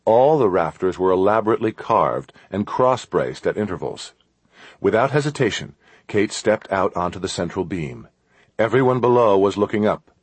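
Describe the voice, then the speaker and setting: A man narrating an adventure audiobook in a steady, measured storytelling manner. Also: on the low side, husky, dry recording.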